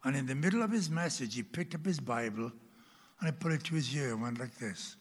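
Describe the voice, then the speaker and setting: A man's voice: mid-range voice, animated. An elderly man preaching a sermon, telling a story from his boyhood and dropping to a whisper for emphasis. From Wales. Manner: slow, dramatic, drops to a whisper for emphasis. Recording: long hall reverb.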